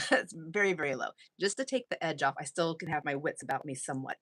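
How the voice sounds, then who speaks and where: A woman's voice: low voice, quick pace, a bit bright, dry recording. Chatty woman, dry close sound. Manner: chatty, rambling, laughs often. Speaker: craft channel host. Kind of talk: casual live-stream chat.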